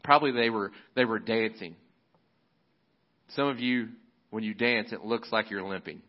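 Male pastor, lowish voice, laid-back sermon retelling, slightly dull recording. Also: normal speed. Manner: casual, conversational storytelling with fillers.

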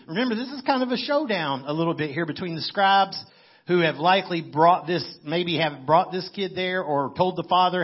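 A man's voice: high-pitched, moderate pace, breathy edge, dull audio. A man preaching a sermon in a conversational way, as if thinking aloud. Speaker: pastor.

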